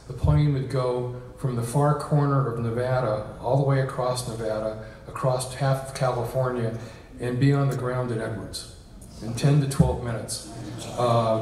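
A man's voice: mid-range voice, a little mellow, slight background noise. A man giving an informal lecture to an audience, conversational and full of ums and uhs. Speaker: guest speaker. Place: reception hall with an audience. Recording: echoey hall, mic at a distance.

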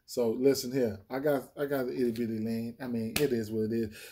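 A laid-back man with a dark, mellow voice talks through his sports bets. His chat is loose and profane, full of fillers, as he thinks aloud from pick to pick. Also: medium pitch, flat delivery, fairly quick, slight background noise. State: hiccuping. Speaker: sports betting channel host. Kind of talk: casual betting picks breakdown.

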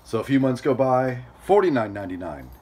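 A man vlogging outdoors at a storage facility, telling a story in a chatty, animated way and acting out other people's lines. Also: mid-range voice, fairly quick, slightly rough. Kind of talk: casual storytelling vlog.

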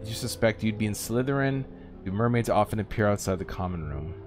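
A rambling, chatty American man doing casual game commentary. His voice sits low, swings widely in pitch, and game music plays clearly behind him. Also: expressive, fast talker. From United States. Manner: rambling and chatty, with many fillers. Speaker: game streamer. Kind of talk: casual let's-play commentary. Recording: voice over loud game music.

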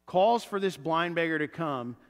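A man preaching a sermon as pastor, animated and acting out the voices he quotes. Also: a little high, normal speed, soft background music. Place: church sanctuary. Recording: church hall reverb.

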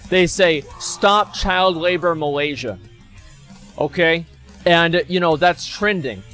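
High-pitched man on a sarcastic rant. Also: fairly bright tone. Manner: sarcastic, mocks people in put-on voices; profane, rambling with restarts. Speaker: streamer. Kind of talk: ranting commentary.

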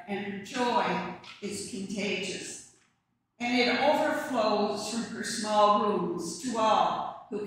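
Preacher at morning prayer: slow, calm sermon reading, picked up from a distance in a very reverberant church. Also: medium pitch, a little hiss or hum. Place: church sanctuary. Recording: echoey church heard from a distance.

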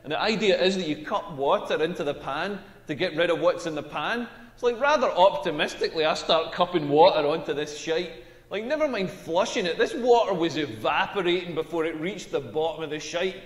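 A man's voice: on the high side, fairly quick, lightly acted. A man with a Scottish accent playing a crude stand-up comedian performing his set in a game. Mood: brash. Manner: crude, brash deadpan punchlines. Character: brash crude male stand-up comic. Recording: echoey hall with long reverb.

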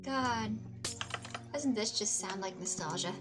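A woman's voice: mid-range voice, slow pace, music in the background. A woman streamer chatting casually while she plays, bubbly and self-mocking, humming sing-song nonsense sounds to herself. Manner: self-mocking, giggly asides. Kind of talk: casual gaming livestream chatter.

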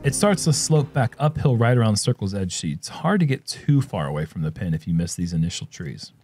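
A man doing casual sports commentary, easygoing and quick to laugh as he banters with his co-host. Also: on the low side, sing-song, darkish tone, husky, no room sound, soft background music. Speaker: disc golf commentator.

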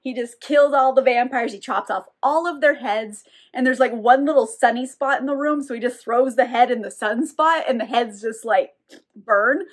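A woman's voice: on the high side, moderate pace. A woman giving a casual, sarcastic recap of a novel, with wry asides and some swearing. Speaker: book reviewer.

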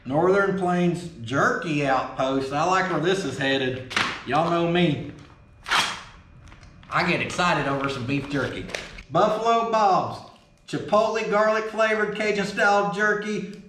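A folksy, excitable man with a drawl, chatting casually and cussing easily as he opens fan mail. His voice sits high for a man. The sound bounces around a roomy workshop. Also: normal speed. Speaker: vlog host opening fan mail. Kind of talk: casual chat. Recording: roomy echo.

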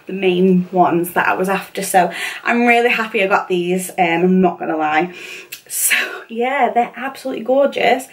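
Gushing woman vlogging a try-on haul. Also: mid-range voice. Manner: gushing, chatty, lots of fillers and repeats. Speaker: fashion vlogger. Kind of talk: casual try-on haul chat. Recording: voice somewhat far from the mic.

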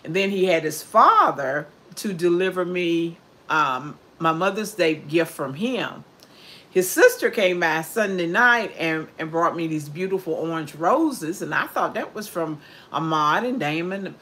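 A woman's voice: lowish voice, animated, measured pace, fairly bright tone. An older woman chatting casually on her cooking livestream, heartfelt and reading out viewer comments. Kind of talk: casual chat.

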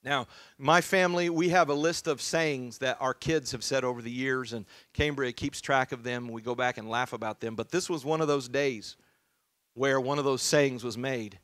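A male pastor telling a family story during a sermon, in a relaxed, conversational way with frequent fillers. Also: medium pitch, moderate pace, dry recording, clean studio sound.

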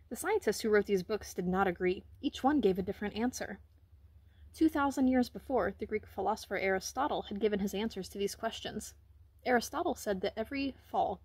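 Woman reading a picture book to children, husky tone and dry sound, gentle and expressive. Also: medium pitch, dry recording. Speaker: reader. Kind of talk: children's book read-aloud.

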